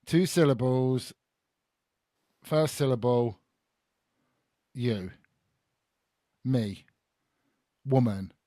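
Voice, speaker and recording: Guy host playing charades, laughing a lot, bouncy up and down voice, slow careful words. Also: medium pitch, no echo, studio quality. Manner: animated, laughing, thinking aloud. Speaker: podcast host. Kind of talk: playing a guessing game with guests.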